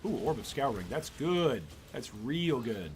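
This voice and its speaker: A man's voice: mid-range voice, very animated, a little slow, slight background noise. A man hosting a gaming channel, giving casual gameplay commentary with rambling, exasperated asides.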